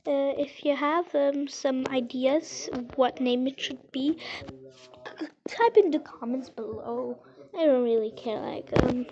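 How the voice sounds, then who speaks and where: A woman chatting casually over gameplay, rambling and halting with lots of fillers. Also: sits high, lo-fi sound. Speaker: game vlogger.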